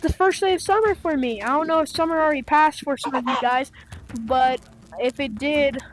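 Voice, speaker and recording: High-voiced young woman rambling to viewers. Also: fairly quick. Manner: rambling, many fillers and playful asides. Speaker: gaming channel host. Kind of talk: casual chat to viewers.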